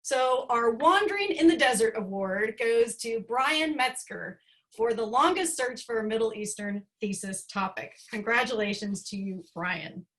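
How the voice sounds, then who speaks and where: A woman's voice: a little high, animated, measured pace, fairly bright tone. A woman presenting humorous student awards at an online graduation ceremony, with a dry, playful delivery.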